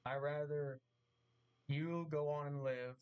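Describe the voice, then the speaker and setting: A man making an earnest vlog apology, speaking haltingly and repeating himself, getting emotional as he talks. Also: fairly high pitch, steady tone, clean tone, highs cut off. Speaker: vlogger. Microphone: mask on, camera vlog.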